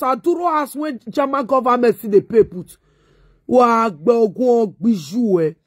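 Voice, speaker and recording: A woman's voice: a little high, moderate pace, dry recording, studio quality. A middle-aged Nigerian woman vlogger delivering a mocking, insulting rant. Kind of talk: ranting monologue.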